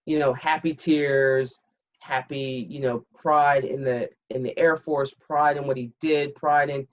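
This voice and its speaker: An unhurried bass voice tells the tale: a retired military pilot, a woman in her fifties, recounting it candidly on a podcast. She's blunt and animated, acting out quoted lines in a casual interview. The recording sounds slightly dull and muffled.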